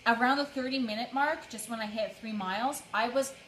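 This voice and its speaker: Woman, out of breath, livestream chat, slightly high voice, echoey room, faint noise. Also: fairly quick, fairly bright tone. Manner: chatty, greets viewers by name. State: out of breath from running. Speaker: livestream host training for a charity run. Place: indoors on a treadmill.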